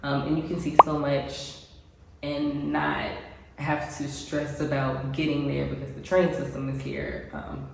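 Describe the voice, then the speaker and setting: An American expat woman vlogs casually to camera in a low, gravelly voice with little pitch movement, speaking a little slowly. She's chatty, with frequent ums and small laughs, and sounds congested. The room is very echoey with faint background noise.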